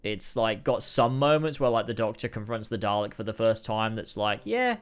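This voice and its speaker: A man's voice: on the low side, steady tone, moderate pace, smooth. A man giving casual, exasperated ranking commentary, swearing and sighing often. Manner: exasperated, frequent swearing and sighs. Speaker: video creator ranking episodes.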